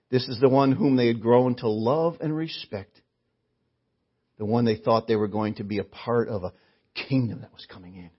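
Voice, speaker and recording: A man's voice: mid-range voice, moderate pace, breathy edge. A male preacher giving a sermon, earnest and full of rhetorical questions. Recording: dull lo-fi recording.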